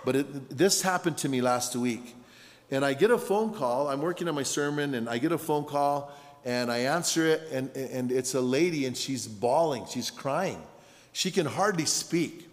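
A man's voice: mid-range voice, moderate pace. Pastor in a reverberant hall, middle-aged man. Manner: storytelling, animated with shouted punchlines. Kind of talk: sermon. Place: large conference hall.

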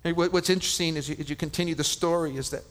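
A man preaching a sermon at a men's conference, impassioned, often stammering and restarting, and dropping to a hushed whisper for effect. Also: on the high side, steady tone, very fast. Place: large conference hall. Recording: long reverb of a large hall.

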